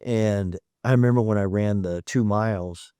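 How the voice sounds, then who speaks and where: This fifties-aged podcast guest recounts events in a frank, matter-of-fact way during a conversational interview, voicing the dialogue himself. He speaks at a normal speed in a lowish, dark, clean voice, and there's no echo.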